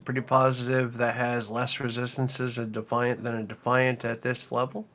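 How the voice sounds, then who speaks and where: A man's voice: medium pitch, moderate pace. A man streaming a game, casually handing out loot to his raid group and chatting as he goes. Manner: relaxed, talks loot through aloud.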